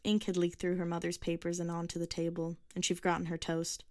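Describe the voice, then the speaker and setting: A woman reading a short story aloud in a measured, even way. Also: fairly low pitch, no room sound, clean studio sound. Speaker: narrator. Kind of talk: scripted story narration.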